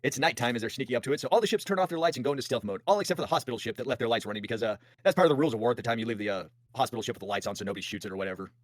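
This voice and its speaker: A man's voice: mid-range voice, dry recording. A man hosting a podcast, telling a history story in casual chat with jokey voiced asides. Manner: fast, animated, jokey retelling with voiced asides. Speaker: podcast host.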